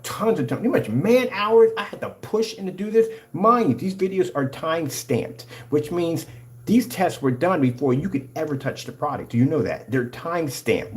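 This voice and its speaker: A man's voice: on the high side, a little mellow. A man who owns a screen paint company, hyped up and combative as he talks over his own product demonstration footage. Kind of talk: excited product demonstration rant.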